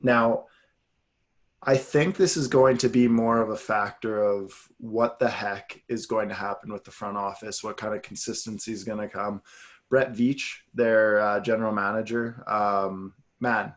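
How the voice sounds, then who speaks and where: A man's voice: fairly low pitch, steady tone, a little slow. A man co-hosting a sports podcast, talking casually and animatedly, drifting into tangents. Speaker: podcast co-host.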